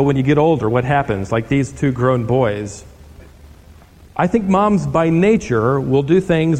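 A male pastor preaching a sermon in a church, telling stories with animated delivery and rhetorical questions. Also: a little high. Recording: long hall reverb.

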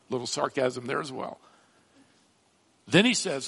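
A man preaching a sermon, slow and emphatic, with dramatic rises in pitch on key words. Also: fairly even intonation, a bit bright. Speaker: pastor.

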